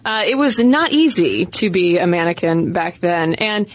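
A woman's voice: lowish voice, animated, moderate pace, dry recording. A woman co-hosting a podcast in casual chat, chatty and playful, often laughing through her asides. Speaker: podcast co-host.

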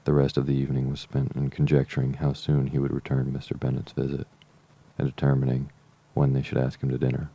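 A man narrates a classic novel in a steady, measured audiobook reading. His voice is extremely deep and gravelly, with a dark tone and a nearly flat melody.

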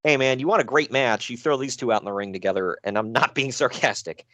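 A man co-hosting a casual podcast chat, recapping wrestling shows in an animated, joking way with frequent laughs. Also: fast, dry recording, dull audio. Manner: animated, laughing, swearing, jumps in pitch.

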